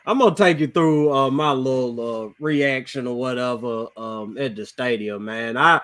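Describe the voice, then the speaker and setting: Bright, salty man storyteller. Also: medium pitch, normal speed. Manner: salty, animated, swears constantly. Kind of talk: casual storytelling.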